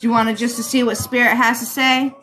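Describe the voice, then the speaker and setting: Woman, Rhode Island accent, live-stream psychic host, friendly "darling" patter, slightly high bright voice. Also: level tone, a little fast, soft background music. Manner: chatty, calls viewers darling, many ums. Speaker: psychic reader and livestream host. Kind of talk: live-stream chat and card reading.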